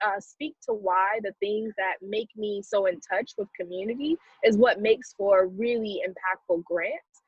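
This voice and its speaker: Southern-accented woman, thoughtful and measured. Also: mid-range voice, breathy edge, dry recording. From South Carolina, US. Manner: thoughtful, measured, frequent "um" fillers. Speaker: philanthropy guest. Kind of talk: earnest conversational interview. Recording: dry, slightly dull lo-fi sound.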